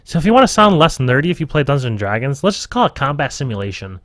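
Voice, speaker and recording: A man's voice: mid-range voice, big pitch swings, fast talker, few pauses, a bit bright, no room sound, studio quality. A man running a casual live tutorial stream as game master, rambling, swearing and talking to himself at his computer. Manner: rambling, profane, self-talking.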